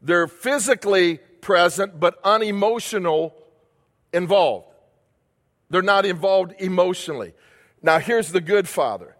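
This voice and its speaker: A man's voice: sits high, lively intonation, measured pace, fairly bright tone. A man preaching a sermon as pastor, emphatic and repetitive, asking rhetorical questions of the congregation. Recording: long hall reverb.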